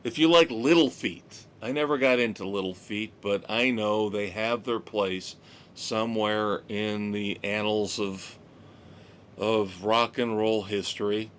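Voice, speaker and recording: Slow-talking man hosting rock news. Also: fairly low pitch, steady tone, fairly bright tone, slight background noise. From United States. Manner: chatty, opinionated, drawn-out delivery. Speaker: rock podcast host. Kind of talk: casual music news rundown.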